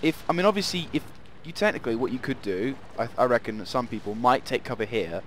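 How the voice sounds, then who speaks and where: A man's voice: mid-range voice, animated, fast talker, slight background noise. A man hosting casual gameplay commentary, rambling and playful, often laughing. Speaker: gaming channel host.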